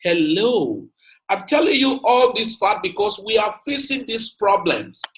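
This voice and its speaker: A man's voice: high voice, big pitch swings, a little slow, fairly bright tone, rough recording. A man giving an emphatic motivational lecture, repeating his points and calling out to his audience. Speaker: speaker.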